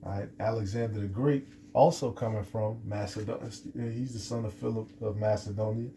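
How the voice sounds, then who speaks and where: Very dark-voiced man teaching scripture. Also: fairly low pitch, steady tone, fairly quick, slight background noise. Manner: rambling, many restarts and fillers. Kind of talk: unscripted scripture lesson.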